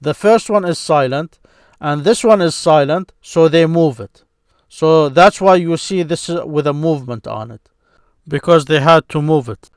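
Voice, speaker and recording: A man teaches a beginners' grammar lesson, explaining with patience and slowly repeating syllables for his learners. His voice is a little high and smooth, recorded at studio quality with no echo.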